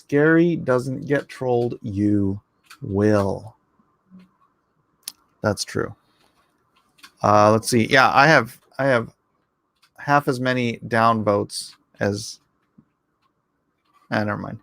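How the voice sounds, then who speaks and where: A man's voice: mid-range voice, creaky, a bit bright, no room sound. A man hosting a livestream in a casual, rambling, jokey way, reading chat comments aloud and answering them. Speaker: livestream host.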